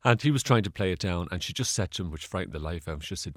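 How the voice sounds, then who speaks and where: A man's voice: low voice, animated, very fast, no room sound, studio quality. An Irish man, a guest in an interview, telling stories in a chatty, rambling way with fillers and laughs. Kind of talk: casual storytelling interview.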